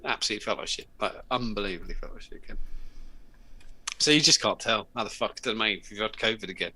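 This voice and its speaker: A man's voice: lowish voice, animated, quick pace, bright, forceful tone. A man, hosting a casual live chat show, chatty and sweary. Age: late 30s. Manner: sweary, chatty, laughs often. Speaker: host.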